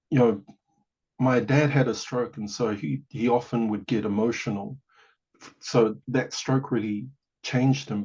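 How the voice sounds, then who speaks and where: A man, a podcast guest telling a personal story in a lively way, full of "you know" asides. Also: mid-range voice, slightly rough. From New Zealand. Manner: animated, acts out quoted voices, many "you know" asides. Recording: dull lo-fi audio.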